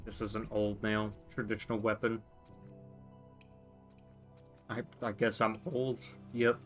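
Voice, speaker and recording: A man's voice: on the low side, level tone, a little slow, soft background music. A man streaming a game, musing to himself in casual commentary and reading on-screen text aloud.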